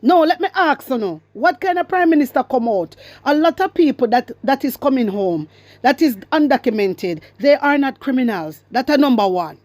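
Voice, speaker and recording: A woman's voice: high-pitched, lively intonation, moderate pace, a little mellow, no echo. A woman with a Jamaican accent giving emphatic, repetitive political commentary to her viewers, mixing in patois. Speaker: commentary vlogger.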